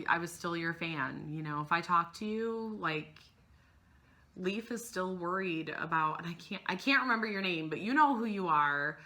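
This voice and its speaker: Gushing, teary woman vlogger, bright tone. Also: fairly low pitch. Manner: rambling, gushing, trails off mid-sentence. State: emotional, close to tears. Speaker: cross-stitch vlogger. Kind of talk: casual chat to camera.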